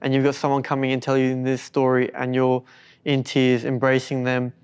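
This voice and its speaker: A man hosting an interview, summing up his guest's story in a measured way. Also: medium pitch, completely flat delivery, smooth. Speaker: interview host.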